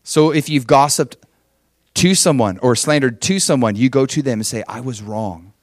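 A man's voice: medium pitch, lively intonation, normal speed, no echo, studio quality. A man preaching a sermon as pastor, emphatic and conversational, often checking in with his listeners. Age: adult father with children.

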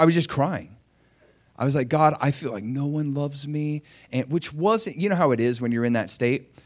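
A man preaching a sermon as a personal story, conversational with fillers and questions to the listeners, swinging from hushed tones to loud shouts. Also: medium pitch. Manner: emotional storytelling with big swings from quiet to shouting.

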